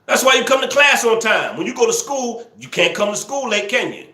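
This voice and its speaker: A man hosting a live stream, teasing viewers and scolding trolls in the chat, sometimes yelling excitedly. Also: very high-pitched, a little fast, roomy sound. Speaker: livestream host. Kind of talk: casual live-stream commentary, talking to the chat.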